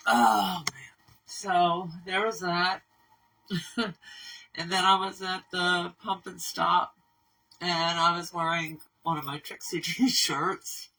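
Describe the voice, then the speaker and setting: A woman who runs an animal rescue, talking candidly in a casual vlog update, rambling and halting with fillers. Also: lowish voice, level tone, bright, forceful tone. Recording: voice somewhat far from mic.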